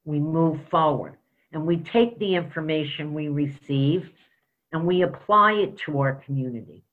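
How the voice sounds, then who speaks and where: A man's voice: a little high, normal speed. Emphatic superintendent man, tinny sound. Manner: emphatic, storytelling with quoted dialogue. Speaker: interim school superintendent. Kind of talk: board meeting report. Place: school board meeting.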